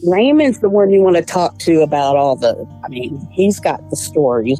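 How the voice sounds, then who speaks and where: A woman speaks in a casual interview and often restarts her sentences. Her voice is lowish and mellow, and she sounds frustrated as she halts along. Soft music plays underneath. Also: expressive, moderate pace.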